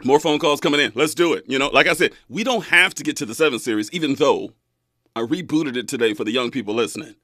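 A man in his twenties hosting a talk radio show, animated and folksy, laughing often. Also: mid-range voice, quick pace, no room sound, clean studio sound. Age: 20s.

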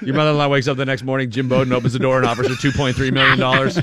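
A man's voice: mid-range voice, little pitch movement, racing, fairly bright tone. A man co-hosting a casual chat, joking and laughing along with the story. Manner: jokey, laughs often, riffs on the story. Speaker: podcast co-host.

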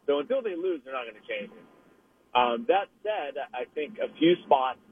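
A man's voice: on the high side, lively intonation, normal speed. A man working as a hockey reporter, a guest on a radio show calling in from his car. He chats casually and analytically, laughs easily and often restarts his sentences. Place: driving in a car. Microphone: phone call. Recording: husky, tinny phone line.

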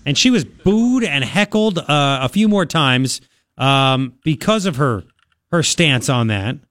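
A man hosting a political talk radio show, rambling and sarcastic in an animated way. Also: on the high side, takes it slowly, dry recording.

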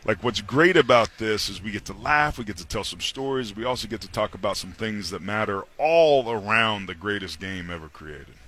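A man's voice: lowish voice, normal speed, hardly any pauses. A man, a former football player, chatting as a guest on a sports radio show and telling stories with impressions of coaches. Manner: animated storyteller, slips into impressions of coaches. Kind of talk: casual sports talk radio chat. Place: studio on a busy media row.

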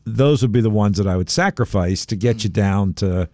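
A man hosting a sports talk radio show, animated and emphatic, taking calls and arguing his points. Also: lowish voice, moderate pace, dry recording, clean studio sound. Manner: animated, emphatic, gets fired up.

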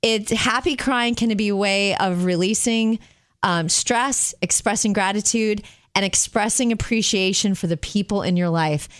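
A middle-aged woman co-hosting a show, telling stories in a lively, animated way. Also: medium pitch, no room sound, studio quality. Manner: animated storytelling, quick asides. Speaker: radio show co-host. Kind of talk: casual chat.

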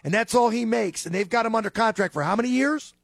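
Husky high-voiced radio co-host man. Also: fast, no echo. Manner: wry, needling rhetorical questions. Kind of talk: casual sports talk radio banter.

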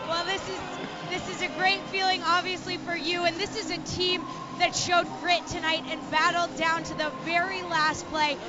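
Woman, sideline reporter, brisk questions, muffled broadcast sound. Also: extremely high pitch, little pitch movement, music in the background. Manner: brisk, asks short direct questions. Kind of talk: sideline interview. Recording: muffled broadcast with a cheering crowd.

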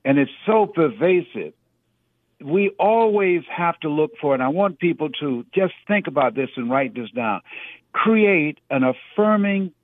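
A man's voice: on the high side, expressive, a little slow, dry recording. A man giving a preacherly motivational talk as a radio guest, stressing his points by repeating words. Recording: tinny phone line.

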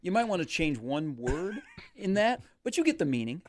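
A man's voice: on the high side, big pitch swings, moderate pace. A man co-hosting a casual radio show chat, telling anecdotes and acting out quotes. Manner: storytelling, acts out quotes.

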